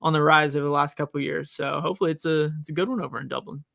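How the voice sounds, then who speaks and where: A man's voice: on the high side, steady tone, very fast, gravelly, sharp tone, no room sound, clean studio sound. A man co-hosting a sports podcast, chatting casually and rambling with frequent restarts. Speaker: college professor, podcast co-host.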